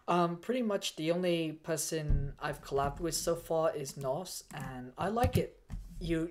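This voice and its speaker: A man on a casual livestream, overheated in a fursuit and a bit foggy, who rambles, stammers and restarts his sentences while reading donations. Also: fairly high pitch.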